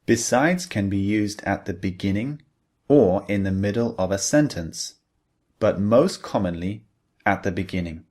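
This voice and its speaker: Male English teacher, low voice, slow and deliberate explaining, scripted lesson. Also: lively intonation, darkish tone.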